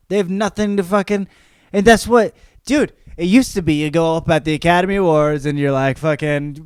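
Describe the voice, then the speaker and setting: A man's voice: high voice, steady tone, moderate pace, clean tone, no echo. A young man hosting a podcast and ranting for laughs, profane and rambling, often breaking into mocking voices. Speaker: podcast host. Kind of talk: comedic rant.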